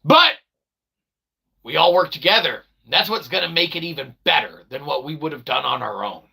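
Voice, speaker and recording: Animated gravelly-voiced man, rambling vlog. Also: a little high, normal speed. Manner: animated, jokey, bursts of loud exclaiming. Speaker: independent developer and channel host. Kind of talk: rambling casual vlog chat.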